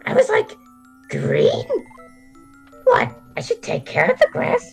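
A woman's voice: very high-pitched, huge pitch swings, slow, creaky, faint music behind, voice pushed up, heavily acted. A woman putting on a shrieky young witch. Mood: cocky. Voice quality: shrieky, scratchy. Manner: cocky, chattering. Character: young female junior witch, brash and boastful.

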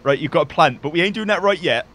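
Excitable bright-voiced gamer guy. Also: a little high, quick pace. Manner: excitable, teasing, sweary, laughing a lot. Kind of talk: casual gaming commentary.

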